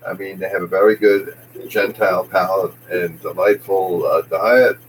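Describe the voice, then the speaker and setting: A man's voice: low-pitched, fairly even intonation, moderate pace, slight background noise, rough recording. A man rambling through a jokey comic monologue, jumping from one tangent to the next. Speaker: comedian host.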